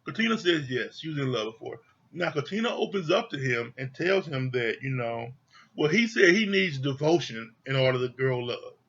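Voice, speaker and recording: A man's voice: medium pitch, expressive, moderate pace, a bit bright, breathy edge, lo-fi sound. A man giving a heated, profane rant reviewing a reality TV show, exasperated and repeating his points for emphasis.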